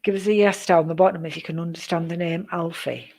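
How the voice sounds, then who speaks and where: A woman giving psychic readings on a live stream, chatty and rambling, greeting viewers by name, with many pauses and "um"s. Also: fairly low pitch, fairly even intonation, darkish tone. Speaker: psychic reader.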